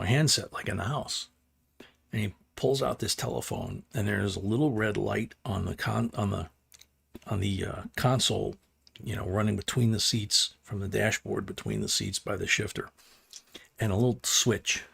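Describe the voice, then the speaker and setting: With a lowish, husky, creaky voice, an older man running a live stream tells a meandering story in a relaxed way. He laughs softly and keeps restarting what he's saying.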